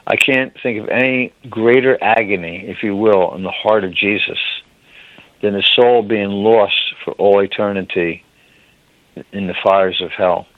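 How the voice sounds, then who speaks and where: A man's voice: lowish voice, unhurried, dry recording. A man preaching a sermon, earnest, often addressing his listeners as beloved, choked up with emotion. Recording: dry, phone-like narrow sound.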